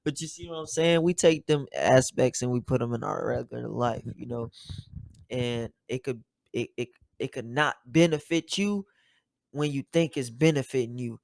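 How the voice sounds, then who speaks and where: A man's voice: mid-range voice, normal speed, vocal fry, no echo. Male podcast co-host, casual and slangy, dead-dry close mic. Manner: laid-back, slangy, animated when making a point. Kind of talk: casual chat.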